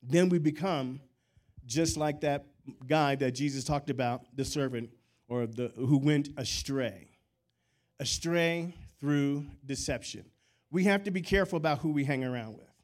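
A male pastor with a somewhat high-pitched voice delivers a lively sermon. He keeps asking his listeners to respond with an amen and slips into casual, chatty stories between his points. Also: a little slow. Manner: animated preaching with call-and-response; conversational storytelling asides.

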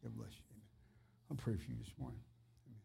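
A man's voice: medium pitch, fairly even intonation, fast, creaky, mellow, slightly rough. Earnest man preaching informally. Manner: earnest, conversational, fervent. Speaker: minister. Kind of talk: informal preaching and personal ministry.

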